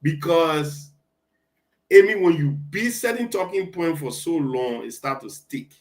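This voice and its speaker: Male talk show co-host, kinda high pitched, keeps restarting his sentences. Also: rough recording. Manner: halting, many restarts and fillers. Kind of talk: casual political talk show chat.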